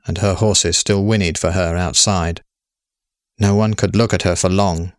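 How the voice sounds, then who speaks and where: A man in scripted narration, telling a story in a calm, even way. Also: lowish voice, no room sound, studio quality.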